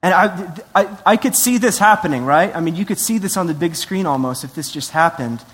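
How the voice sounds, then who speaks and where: A man preaching a sermon in a conversational, animated way, acting out voices and asides. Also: high voice, brisk, husky. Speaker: pastor. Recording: long hall reverb.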